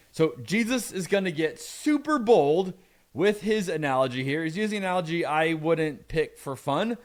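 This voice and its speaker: A middle-aged man preaching a conversational sermon, reading scripture aloud and adding playful asides. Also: mid-range voice. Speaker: pastor.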